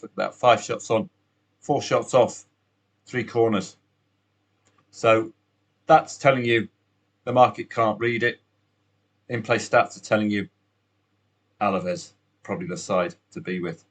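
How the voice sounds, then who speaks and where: A man's voice: mid-range voice, a bit bright. A man hosting a solo betting podcast, chatty and upbeat, with asides to the listener.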